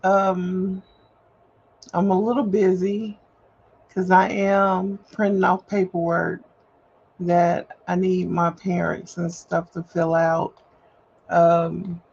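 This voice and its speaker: Woman rambling on her livestream, gravelly voice, takes her time, kinda muffled audio. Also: lowish voice, a little mellow. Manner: candid, rambling, emphatic repetition. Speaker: livestream host. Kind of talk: casual livestream venting. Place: at home, printing paperwork. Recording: slightly dull livestream audio, faint hum.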